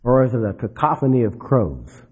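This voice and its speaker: A man preaching a sermon, dropping low and soft then rising for emphasis. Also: very animated, normal speed, husky. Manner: dramatic, swings between soft drops and rising emphasis. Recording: dull lo-fi recording.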